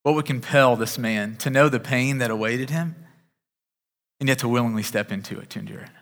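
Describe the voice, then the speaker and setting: A man's voice: mid-range voice, brisk, fairly bright tone. A male pastor preaching a sermon in a conversational way, often restarting his sentences. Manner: conversational, with frequent repeated starts. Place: church sanctuary. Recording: long reverb of a large hall.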